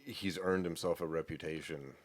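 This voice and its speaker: Very deep-voiced man, casual podcast host. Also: fairly even intonation, moderate pace. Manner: swears freely, laid-back and talkative. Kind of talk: casual chat.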